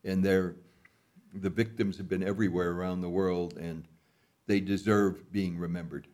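Man, interview guest, somewhat low voice, grave, emphatic, storytelling. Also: steady tone, moderate pace, darkish tone. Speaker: foundation leader, guest. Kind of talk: interview discussion.

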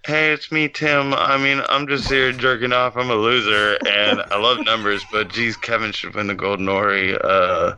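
A self-mocking male co-host's message, done in a slightly raised, bright voice by a man mimicking him. The tone is deadpan mockery. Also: on the low side, moderate pace, few pauses, slight background noise, rough recording.

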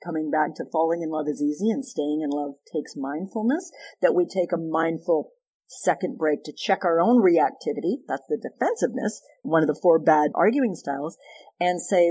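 A woman therapist as a podcast guest, explaining ideas through animated stories and acted-out dialogue. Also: low-pitched, a little fast, husky. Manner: animated storyteller, acts out quoted dialogue. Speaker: guest sex therapist and psychologist. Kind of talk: conversational podcast interview.

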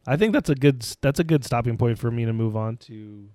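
A man's voice: medium pitch, lively intonation, brisk, warm tone, no room sound. A man co-hosting a casual podcast who reads the news segments and throws in dry, sarcastic jokes. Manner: dry, sarcastic, joking asides. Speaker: podcast co-host.

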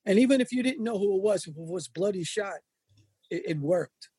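Older man with a husky, mellow voice. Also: high-pitched, a little fast, no echo. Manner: animated anecdotes, acts out quoted voices. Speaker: wrestling photographer and magazine editor. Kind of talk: storytelling in an interview.

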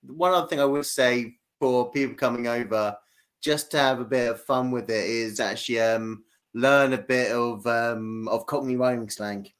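A man, a podcast guest slowly explaining things in casual chat, with many pauses and fillers. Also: mid-range voice, clean tone. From England.

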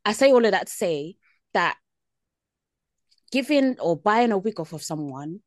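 A woman's voice: medium pitch, very animated, a little slow, no room sound, clean studio sound. A woman, co-hosting a podcast and telling stories in a laid-back way with many fillers. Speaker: podcast co-host. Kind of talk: casual chat.

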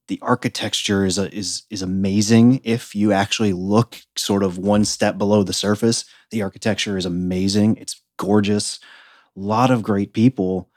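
A man's voice: on the low side, darkish tone, no room sound, clean studio sound. A man in his thirties from the United States, a podcast guest telling his story in an earnest, reflective way. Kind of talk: casual interview conversation.

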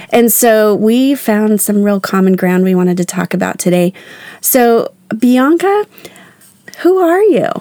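Woman, podcast host and life coach, hoarse from a cold, loose and chatty with lots of ums. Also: medium pitch, warm tone, no room sound. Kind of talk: casual podcast chat.

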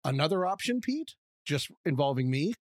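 A man's voice: on the high side, very animated, moderate pace, no echo, studio quality. A man co-hosting a podcast in casual chat, playful and laughing often, sometimes in a mock game-show announcer voice. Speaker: podcast co-host.

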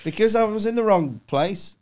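A man's voice: high voice, expressive, normal speed. A man, a comedian guest, telling a story on a casual podcast. He swears freely and acts out his own panicked voice.

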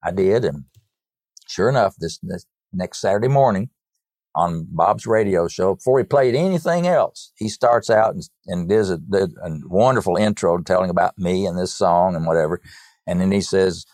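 An older man from North Carolina, a songwriter guest, telling stories in a lively way in an interview and often repeating words as he goes. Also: low-pitched, moderate pace, dry recording, clean studio sound. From North Carolina, USA. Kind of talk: storytelling in a podcast interview.

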